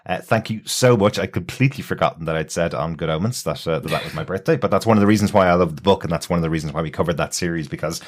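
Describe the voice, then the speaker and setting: A man co-hosting a podcast, chatting in a friendly, even way and reading out listener mail. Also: sits low, racing, few pauses. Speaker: podcast co-host.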